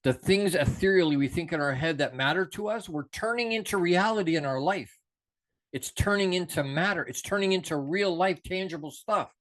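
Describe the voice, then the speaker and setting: A middle-aged man hosting a show, giving an unscripted, passionate motivational talk that swings between soft reflection and emphatic urging. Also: high voice, moderate pace.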